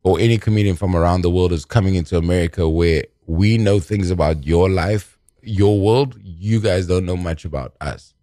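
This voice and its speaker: Low-voiced South African man chatting. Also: moderate pace, dark tone, no room sound, clean studio sound. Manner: chatty, laughs often, repeats words. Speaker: comedian guest. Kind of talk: casual podcast chat.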